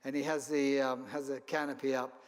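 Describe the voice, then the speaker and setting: With a mid-range, level voice at normal speed, this man, a Kenyan and South African founder of a travel company, delivers a rambling keynote full of anecdotes at an event. He restarts and chuckles along the way, and long reverb fills the hall.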